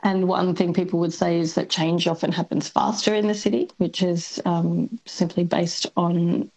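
An Australian woman speaks as a radio guest, unhurried and explanatory. Her voice is slightly low, with gravelly fry and a husky edge. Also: flat delivery, a little mellow, low-quality recording. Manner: measured, explanatory, frequent um fillers. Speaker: linguist guest. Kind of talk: radio talk.

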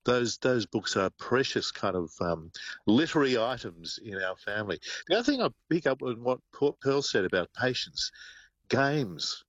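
A man's voice: medium pitch, animated, moderate pace, dry recording, muffled recording. An older man, co-hosting a radio show and sharing anecdotes with many fillers. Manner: warm anecdotal, hesitant with fillers. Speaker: co-host. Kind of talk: radio talk.

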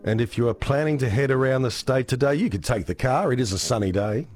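A man with an Australian accent and a croaky voice, presenting a chatty, upbeat radio weather and traffic update. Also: mid-range voice, expressive, fast talker, a little mellow, soft background music.

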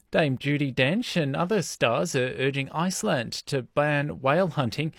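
A man's voice: mid-range voice, no room sound, studio quality. A man reading a radio news and weather bulletin. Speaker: newsreader. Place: radio studio.

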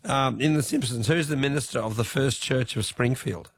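A man hosting a radio phone-in quiz, chatty and quick to laugh. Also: medium pitch. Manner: chatty, laughs easily, stumbles a little.

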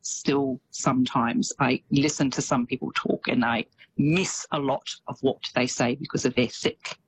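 A woman's voice: extremely low pitch, fairly even intonation, unhurried, slight background noise, poor audio. A woman with an Australian accent, talking casually and with enthusiasm as a radio correspondent. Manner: chatty, enthusiastic.

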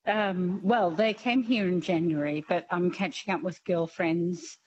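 A woman's voice: fairly low pitch, fairly even intonation, measured pace, darkish tone. A woman calling a radio show, eager and rambling about her plans. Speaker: caller. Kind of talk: phone-in chat. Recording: dull phone line with faint hiss.

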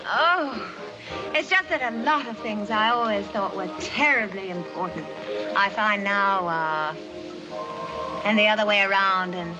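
An actress playing an upper-class young woman in an old film, with a crisp, posh mid-Atlantic accent. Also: mid-range voice, measured pace, dull audio, natural voice. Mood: breezy. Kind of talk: 1940s film acting. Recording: old film soundtrack with music.

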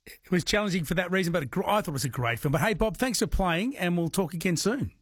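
A chatty man hosting an overnight radio quiz, his voice sitting a little high and carrying a husky edge. He jokes easily with callers, and the sound is close and dry. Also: expressive, fast, no echo. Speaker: radio host. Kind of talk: late-night radio quiz chat.

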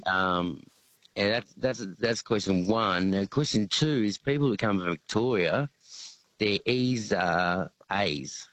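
A man's voice: fairly low pitch, expressive, slow, a bit bright, no room sound, low-quality recording. A man calling into a radio show, friendly and laid-back. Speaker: caller. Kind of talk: radio call-in.

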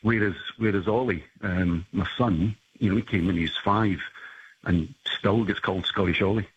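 A man with a low, husky voice talks in an easygoing, rambling way, full of fillers. The sound is dull and lo-fi, as if from a remote line. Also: moderate pace. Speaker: guest parent. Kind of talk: casual radio chat.

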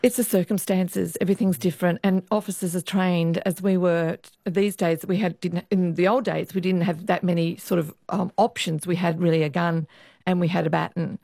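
Ex-cop woman, lively storyteller, dry close sound, interview guest. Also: lowish voice, fairly quick, vocal fry, dry recording. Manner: lively storyteller, acts out quoted voices. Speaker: retired police officer, guest.

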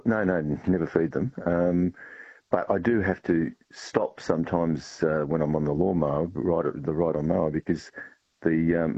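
A man calling in to a radio show, relaxed and halting with fillers, on a phone line. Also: deep voice, breathy edge. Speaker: caller. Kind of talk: casual phone-in chat.

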